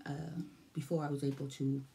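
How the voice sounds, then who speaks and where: A woman's voice: deep voice, level tone, moderate pace, mellow. A Welsh woman in her forties talking casually to camera, rambling, repeating herself and losing her thread. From Wales. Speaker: vlogger. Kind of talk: casual vlog talk to camera.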